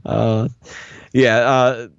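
A man recapping an episode in casual chat, relaxed and laughing often, mildly critical. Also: medium pitch, very slow, vocal fry, clear, resonant tone, dry recording, highs cut off. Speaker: podcast co-host recapping an episode.

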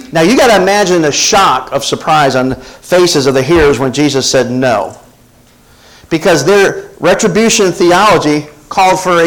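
A man's voice: sits high, fairly bright tone, low-quality recording. Man preaching a sermon. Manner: preaching with call-and-response asides to the congregation. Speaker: pastor.

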